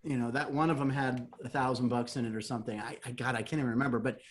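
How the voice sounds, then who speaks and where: A middle-aged man telling stories in a casual interview, animated and laughing often as he acts out what people said. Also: mid-range voice, racing. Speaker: guest, comedian and game show host.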